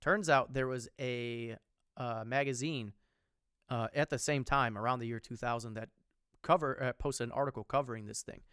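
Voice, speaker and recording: A man with a smooth, clear voice co-hosts a casual podcast, rambling through a story with plenty of ums and restarts. He swears freely and keeps circling back on himself. The sound is dry and close, with no room around it. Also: mid-range voice, fairly even intonation, normal speed, a bit bright, no echo. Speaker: podcast co-host. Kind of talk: casual chat.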